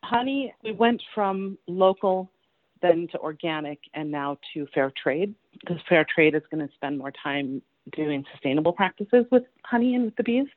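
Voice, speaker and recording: A woman's voice: fairly low pitch, expressive, normal speed, no room sound. A woman guest on a podcast interview, chatty and enthusiastic, often laughing as she talks. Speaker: guest, candy company founder. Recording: tinny phone-line sound, dry.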